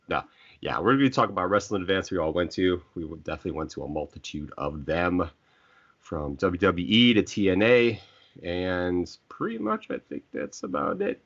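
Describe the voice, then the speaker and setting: A middle-aged man with a very deep voice hosts a casual chat among friends. He rambles, restarts and stumbles over his words. The recording sounds dull and lo-fi. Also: animated, moderate pace, fairly bright tone. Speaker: host.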